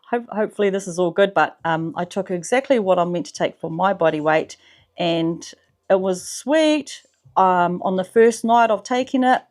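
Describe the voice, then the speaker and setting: A woman with a New Zealand accent telling her own story in a loose, chatty vlog style. She swears freely and leans on slang. Her voice sits in a middle pitch and at times drops to a soft, hushed tone. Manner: drops to a soft, low voice in the spiritual parts. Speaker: vlogger. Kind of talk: casual personal testimonial.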